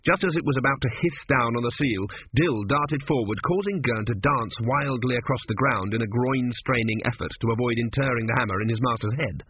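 A man's voice: mid-range voice, a little fast, few pauses, noisy background. A man narrating an audiobook in a dry, wry storytelling manner, on a tinny, phone-like recording.

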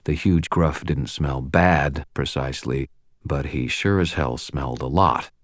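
A man narrates a first-person audiobook with a dry, sardonic edge. His voice is very deep and the recording is close and dry, without room sound. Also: a little slow, no room sound. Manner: sardonic, wisecracking in dialogue.

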